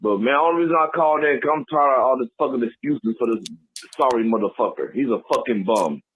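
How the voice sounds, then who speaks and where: A man's voice: medium pitch, animated, fast talker, narrow, tinny audio, a little hiss or hum. A man calling in to a podcast, ranting angrily with constant profanity. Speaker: caller. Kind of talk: angry call-in rant.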